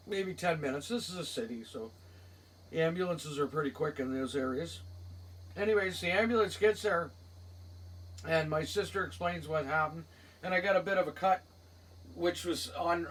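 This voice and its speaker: A man's voice: fairly high pitch, moderate pace, a bit bright, distant mic, low-quality recording. A man with a Cape Breton accent, co-hosting a podcast. He tells rambling stories in casual chat and laughs through them. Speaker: podcast co-host. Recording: a bit off-mic, faint background hiss.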